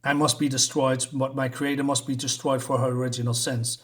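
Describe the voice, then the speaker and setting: A man reading aloud the lines of a confused, obsessive male robot from a comic, in a flat voice. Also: mid-range voice, brisk, natural voice. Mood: obsessed.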